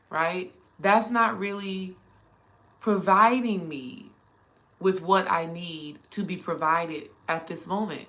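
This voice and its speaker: Bright-voiced, animated spiritual coach woman. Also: mid-range voice, takes it slowly. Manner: animated and colloquial, addresses viewers directly. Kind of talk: casual spiritual talk to viewers.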